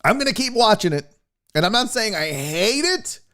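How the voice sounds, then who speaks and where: A man's voice: sits high, normal speed. A man hosting his own sports podcast from home, rambling and swearing in a loose chat to his live audience. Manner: rambling, profane, animated, acts out silly voices. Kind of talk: casual live-stream chat. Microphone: podcast mixer setup.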